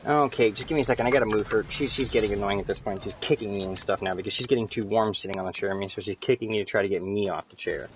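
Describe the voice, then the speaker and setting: A man casually commenting on a co-op game he is streaming, excitable and swearing, breaking into loud yelps. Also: lowish voice, very fast, few pauses, dull audio, a little hiss or hum. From Canada. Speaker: gamer streaming co-op play.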